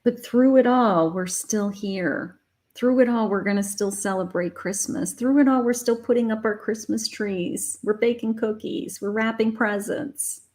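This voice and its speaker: A middle-aged woman gives a live tarot reading, unhurried and deliberate. She sounds emotional and uplifting and repeats her affirmations. Her pitch sits at an ordinary middle height. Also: darkish tone. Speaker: psychic tarot reader. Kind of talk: live spiritual reading to viewers.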